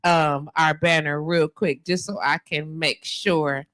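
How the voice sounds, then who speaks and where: Here the home-studio radio host, a woman in her fifties, sits low and keeps her intonation fairly even, taking things slowly with a somewhat bright tone. Her talk stays casual, emphatic and slang-filled over a handheld mic, with no room sound and a rough recording.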